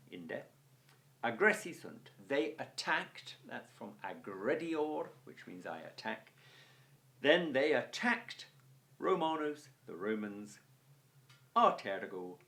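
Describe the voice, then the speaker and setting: A man teaching a Latin lesson, reading phrases aloud and translating them bit by bit with chatty, lightly humorous asides. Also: medium pitch. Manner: chatty asides with gentle humour. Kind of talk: recorded language lesson, translating line by line.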